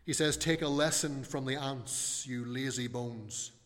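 A man delivers a sermon at a middle pitch, earnest and measured, slowing down to press home each point. His voice rings out with the long reverb of a church hall. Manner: earnest, measured preaching with slow emphatic stresses. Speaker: preacher.

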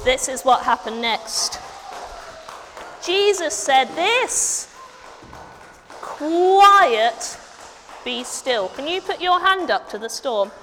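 Animated high-voiced woman telling kids a Bible story. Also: slow pace. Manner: animated, coaxing, directing children to act along. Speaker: children's church leader. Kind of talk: interactive children's Bible story. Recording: long hall reverb, faint noise.

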